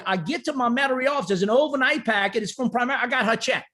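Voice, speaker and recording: A man, an insurance agent telling an emotional client story in an emphatic, animated way that keeps checking in with "right?". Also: very high-pitched, quick pace, hardly any pauses.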